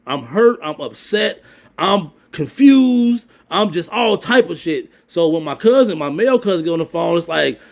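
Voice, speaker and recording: Gravelly man telling a story. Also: fairly high pitch. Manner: animated, acts out sounds and quotes. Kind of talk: casual personal storytelling.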